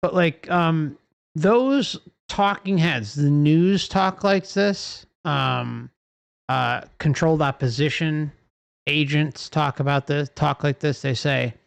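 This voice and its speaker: A streamer rants at an unhurried, deliberate pace. The delivery is heated and profane, driven by repeated rhetorical questions to the audience. The sound is dry and close, as if from a desk mic. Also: medium pitch, creaky, clean tone, dry recording. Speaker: livestream host. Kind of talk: impassioned livestream rant.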